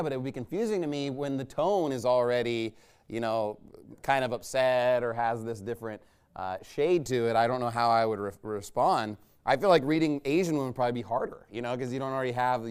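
A man's voice: mid-range voice, clean tone. A man preaching a sermon in a loose, conversational way, often checking with the congregation. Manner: conversational, rambling, asks listeners "right?".

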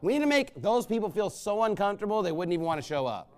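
A man, a pastor, delivering a sermon in a blunt, emphatic and scornful way, with loud bursts. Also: sits high, big pitch swings, fast, clean tone.

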